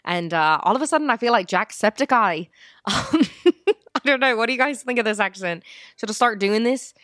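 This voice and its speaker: A woman's voice: fairly high pitch, expressive, fairly quick, a bit bright, no echo, studio quality, pitched above the performer's own voice. A woman putting on a playful mock Irish accent while chatting about her game build. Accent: put-on Irish. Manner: playful, self-mocking, rambling.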